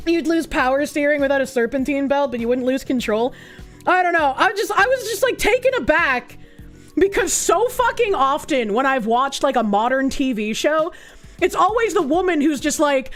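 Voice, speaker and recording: A woman's voice: high-pitched, moderate pace, a bit bright, soft background music. A woman streamer giving blunt, profane, sarcastic commentary in casual chat.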